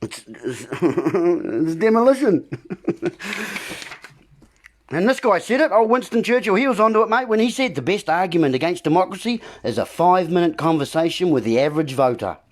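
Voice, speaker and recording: Brief: male host, political rant, keeps repeating himself, talks straight to his listeners, voice on the high side. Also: sing-song, a little fast. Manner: repetitive, ranting, keeps calling out "folks". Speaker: video host. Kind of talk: political monologue.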